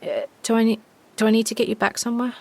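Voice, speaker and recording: Woman playing a halting young survivor girl. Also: a little high, fairly even intonation, vocal fry, voice pushed up. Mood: wary. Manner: halting, stammering speech. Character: wary young woman survivor scavenging alone.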